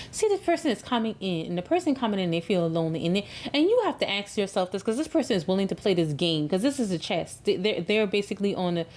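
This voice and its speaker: A woman's voice: mid-range voice, animated, quick pace, few pauses, a little mellow, slight background noise. A woman giving a tarot love reading in an emphatic, preachy way, repeating words for stress. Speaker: tarot reader.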